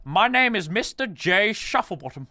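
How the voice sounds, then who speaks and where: A smug, tea-loving English gentleman, put on by an Australian man in a mock posh English accent with a plummy lilt. His voice is pitched up above a man's usual, and soft music runs underneath. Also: big pitch swings, moderate pace, full character voice.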